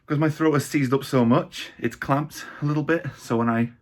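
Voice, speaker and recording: A man with a hoarse, raspy voice, chatting casually in a gaming vlog and rambling with many fillers. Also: medium pitch, steady tone, normal speed, noisy background. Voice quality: raspy, gravelly. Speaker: vlogger.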